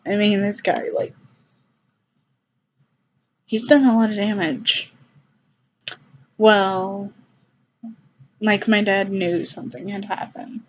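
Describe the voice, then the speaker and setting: A young woman tells a personal story to her camera, halting and subdued, with frequent fillers. Her pitch sits at a middling level for a woman, and the recording sounds slightly dull and lo-fi. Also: steady tone. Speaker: vlogger.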